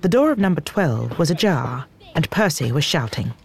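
A woman reading an audiobook as narrator, in a measured, clear way. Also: low voice, big pitch swings, darkish tone. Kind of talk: scripted narration.

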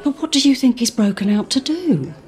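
A woman's voice: high-pitched, expressive, fairly quick, darkish tone. An actress playing a chatty, curious female innkeeper who asks questions eagerly. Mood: alarmed.

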